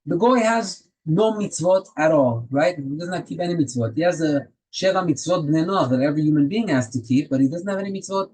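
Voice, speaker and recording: A man's voice: a little high, fairly quick, hardly any pauses, darkish tone, breathy edge, poor audio. A man teaching a Torah class, telling stories and asking rhetorical questions, with Hebrew terms woven into his English.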